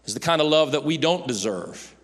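A man's voice: on the high side, animated, fairly quick. Preaching man with big dynamic swings, hall reverb. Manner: dramatic swings from loud preaching to soft near-whispers. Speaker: pastor. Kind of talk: sermon.

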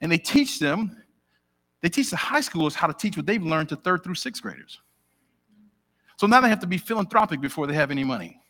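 A man's voice: on the high side, brisk, pauses often. A middle-aged man preaching a sermon in a church, chatting directly with his congregation and asking them questions. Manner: animated, conversational, talks directly with the congregation.

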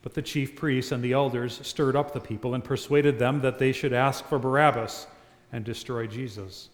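A man reading scripture aloud at an evening church service in a measured, solemn way. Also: mid-range voice, steady tone, reverberant, big-room sound. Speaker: scripture reader.

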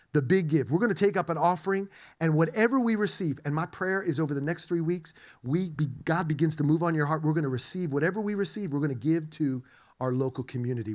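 A middle-aged male pastor giving a playful sermon and drawing answers from his congregation in a church. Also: high voice. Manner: animated, playful, engages the congregation.

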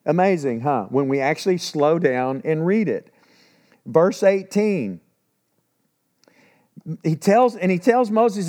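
A man's voice: a little high, a little slow, pauses often. A male pastor preaching a conversational sermon, acting out quotes and correcting himself as he goes. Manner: animated storytelling, acting out quotes.

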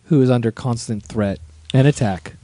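A man's voice: mid-range voice, moderate pace, dark tone, no room sound. A man co-hosting a casual movie podcast, talkative and given to playful exaggeration. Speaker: podcast co-host. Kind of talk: casual chat.

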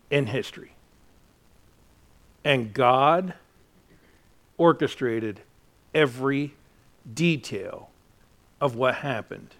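A man preaching a sermon, swinging from hushed asides to loud, impassioned exhortation and talking directly to his congregation. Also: on the high side. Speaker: pastor.

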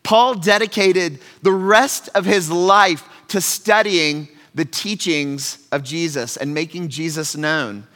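A man preaching a sermon as pastor, conversational and earnest, swinging from loud emphasis to quiet asides. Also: a little high, slow, few pauses. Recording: long hall reverb.

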